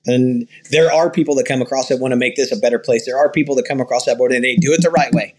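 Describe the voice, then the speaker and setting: A ranch owner in an interview, talking earnestly and rambling through stories with quoted dialogue. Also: male voice, medium pitch, fast talker, a little mellow. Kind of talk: conversational interview storytelling.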